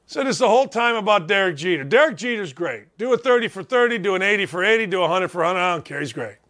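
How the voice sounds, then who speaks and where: Brash sports-radio host in his fifties, high bright voice, hammering points in a rant. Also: lively intonation, fast. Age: 50s. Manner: brash, emphatic, repetitive ranting.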